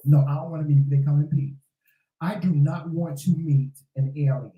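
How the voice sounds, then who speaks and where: A co-host in a casual chat, talking loudly and emphatically and swearing freely. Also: mid-range voice, steady tone, normal speed, phone-quality sound. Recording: echoey room.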